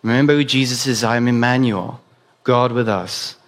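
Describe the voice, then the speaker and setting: A man voicing Jesus as a calm, knowing teacher, speaking slowly and solemnly in a lower voice. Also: natural voice.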